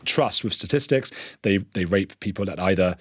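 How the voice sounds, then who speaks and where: An English man, a podcast guest, talking in a quick, earnest way and restarting his sentences often. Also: sits low, a bit bright, breathy edge, dry recording, studio quality. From England. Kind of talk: conversational interview.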